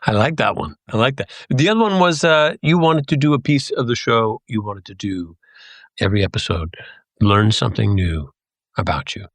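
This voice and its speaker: A man's voice: fairly low pitch, lively intonation, moderate pace, fairly bright tone, no room sound. A man co-hosting a podcast in casual chat, with a playful, teasing manner. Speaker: podcast co-host.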